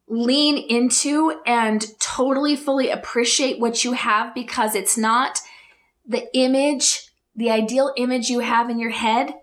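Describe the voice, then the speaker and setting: A woman hosting her own podcast, talking straight to her listeners with rhetorical questions, earnest and openly emotional. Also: fairly high pitch. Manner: earnest, emotional, speaks in slow emphatic bursts. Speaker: podcast host. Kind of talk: heartfelt solo podcast talk.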